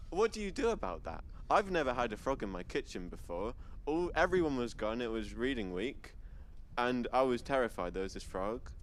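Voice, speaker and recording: A man's voice: mid-range voice, a little hiss or hum. A young man doing a stand-up set on a student stage, stammering, giggling and self-deprecating. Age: young adult. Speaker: stand-up comedian. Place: student comedy stage before a live audience.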